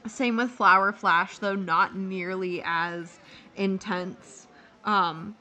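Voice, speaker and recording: A woman's voice: mid-range voice, steady tone, takes it slowly, sharp tone. A woman narrating a live tabletop game as dungeon master, rambling with many fillers.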